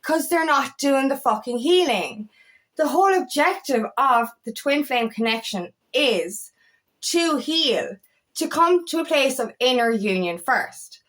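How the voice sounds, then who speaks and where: A woman's voice: high voice, expressive, measured pace, fairly bright tone. A woman coaching on twin flame journeys, talking straight to her viewers in a blunt, emphatic way and swearing freely. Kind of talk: unscripted spiritual talk to camera.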